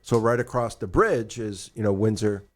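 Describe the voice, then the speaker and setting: Older male co-host, retired, spins animated anecdotes with acted-out dialogue. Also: fairly low pitch, moderate pace. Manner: animated, acts out dialogue in storytelling. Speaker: podcast co-host. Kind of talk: casual storytelling chat.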